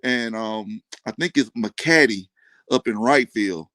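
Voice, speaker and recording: A man's voice: fairly low pitch, slow pace, dry recording. Matter-of-fact man breaking down baseball. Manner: even, matter-of-fact, with frequent "um". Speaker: baseball commentator guest. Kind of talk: casual sports chat.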